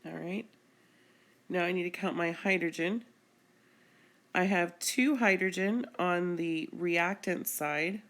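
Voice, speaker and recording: A woman's voice: on the low side, takes it slowly, long pauses, fairly bright tone. A woman chemistry teacher explaining a screencast lesson patiently, step by step.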